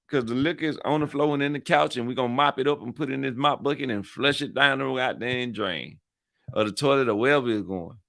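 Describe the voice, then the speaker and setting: A channel host talks fast in a gravelly, slightly bright, medium-pitched voice, recorded dry with clean studio sound. His monologue is casual and rambling, packed with slang, repetition and playful hype.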